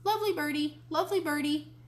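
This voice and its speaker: A woman voicing a chattering mynah bird that repeats words in a high, squawky voice. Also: fast talker, close to an everyday voice. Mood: squawking.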